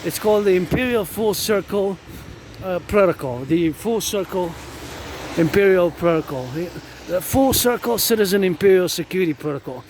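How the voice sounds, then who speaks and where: A man's voice: high voice, lively intonation, moderate pace, a little mellow, a little hiss or hum. A man, rambling and repeating himself as he vlogs while walking outdoors up a mountain in the rain, now and then breaking into chants. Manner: rambling, repetitive, chants in bursts. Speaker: vlogger.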